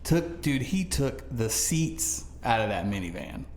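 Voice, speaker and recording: A man co-hosting a podcast, telling a story in casual chat with animated delivery and frequent laughter. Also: mid-range voice, a little slow. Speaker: podcast co-host. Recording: echoey room, faint noise.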